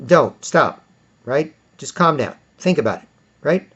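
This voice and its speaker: A man's voice: on the high side, lively intonation, a little slow, a bit bright, breathy edge. A middle-aged man vlogging in a rambling monologue. He repeats himself and often asks "right?". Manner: repetitive, asks "right?" often, jumps between topics. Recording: dull lo-fi recording.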